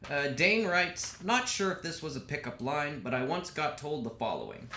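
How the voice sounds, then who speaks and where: A young adult male comedian doing a casual monologue to camera, dry and self-deprecating, with filler pauses. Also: on the high side, lively intonation, sharp tone. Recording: echoey room with faint background hiss.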